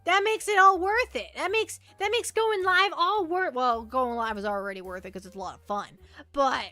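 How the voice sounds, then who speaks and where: A woman's voice: high voice, moderate pace, bright, forceful tone, no room sound, faint music behind. A woman streaming as a VTuber, chatting casually with her viewers and reading the chat aloud, often trailing off and restarting.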